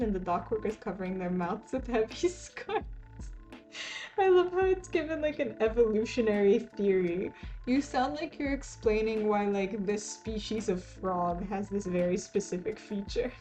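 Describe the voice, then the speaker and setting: A young woman with a mellow, medium-pitched voice streams while she plays, chatting casually. She rambles and laughs often throughout the live stream.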